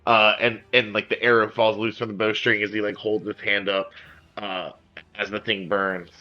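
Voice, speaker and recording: A man narrating as game master of a tabletop game, describing scenes in a relaxed way with many fillers. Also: fairly low pitch, normal speed, dull audio.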